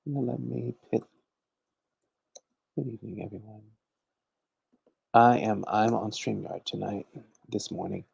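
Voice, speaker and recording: A man's voice: lowish voice, steady tone, measured pace, gravelly, long pauses, a little mellow, breathy edge, no echo, muffled recording. A man hosting a casual livestream, chatting and teaching, greeting viewers by name and calling everyone honey. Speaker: livestream host and conjure teacher.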